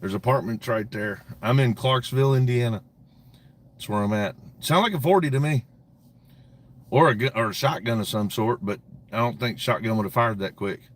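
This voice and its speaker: A man's voice: medium pitch, normal speed. A man hosting a casual livestream, talking to his chat in a profane, mocking way and laughing often. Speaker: livestream host.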